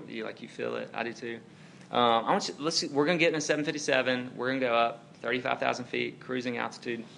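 A pastor in his thirties who preaches like he is chatting with friends. His pitch swings widely as he pushes a point, then drops low to bring it home, with a faint hum of room ambience behind him. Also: vocal fry, fairly bright tone. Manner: informal, talks directly to the audience, many fillers like "like". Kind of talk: conversational sermon.

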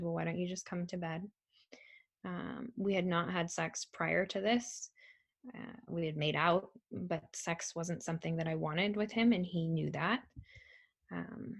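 Soft-spoken woman with a gravelly low voice. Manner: halting, soft-spoken, frequent ums. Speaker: survivor telling her story. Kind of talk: personal testimony.

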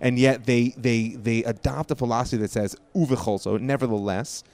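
A man's voice: lowish voice, fairly even intonation, quick pace, hardly any pauses, a little mellow. A man, a rabbi and guest, talking casually and emphatically, reasoning aloud with rhetorical questions. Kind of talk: casual conversation.

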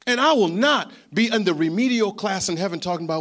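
A man preaching a sermon, telling a story in an animated, chatty way that often repeats words. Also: sits high, fast talker. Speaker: pastor.

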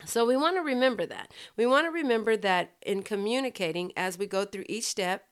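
Woman, mid pitch, smooth and resonant, patient teaching delivery, repeats herself to stress points. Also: lively intonation, a little fast. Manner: explanatory, repeats phrases, demonstrates emphasis by example. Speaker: communication teacher. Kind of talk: lecture-style teaching.

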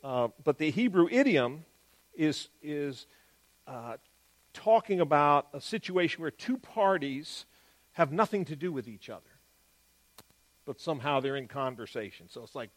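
A man giving an explanatory Bible teaching, stressing key words and moving between quick and drawn-out phrasing. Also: a little high, expressive.

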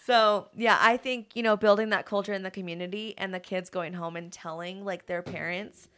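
A young woman teacher chats casually on a podcast. She talks freely and peppers her sentences with "like." She gets animated when she acts out what her students say. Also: mid-range voice, normal speed. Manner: chatty, peppered with "like", animated when quoting kids. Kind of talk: casual chat.

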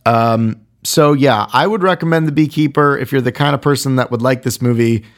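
A man's voice: mid-range voice, a little fast. A man giving a casual, rambling film review in a wry, irreverent way, full of fillers.

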